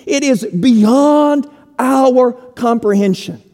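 High-voiced preacher in an echoing hall. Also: male voice, warm tone. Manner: slow, emphatic preaching with dramatic pauses. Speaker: pastor. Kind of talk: sermon.

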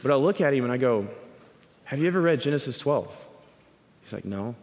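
A man giving a sermon, explaining scripture and telling a story in an animated way. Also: medium pitch, fairly quick. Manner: animated storytelling, acts out quoted voices. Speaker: speaker teaching scripture. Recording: long hall reverb.

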